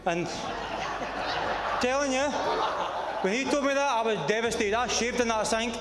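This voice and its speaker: A young Scottish best man with a high voice, teasing and joking through his speech and mimicking voices in his stories. He is heard in an echoey hall with a long reverb. A crowd is clearly heard around him. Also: moderate pace, very noisy.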